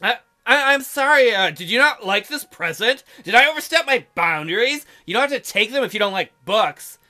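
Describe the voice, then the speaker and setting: A man's voice: very high voice, expressive, moderate pace, sharp tone, faint music behind, full character voice. A man voicing an earnest young princess in a visual novel game, reading her lines eagerly and apologetically.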